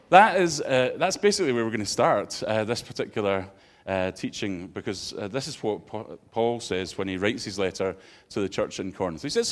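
A man's voice: on the low side, lively intonation, normal speed. A man, a pastor giving an interactive sermon and bantering playfully with his congregation.

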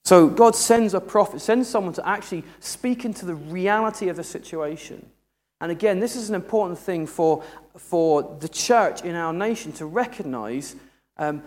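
A man's voice: high voice, lively intonation, normal speed, darkish tone. A man preaching a sermon in a humorous, conversational way. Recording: echoey hall.

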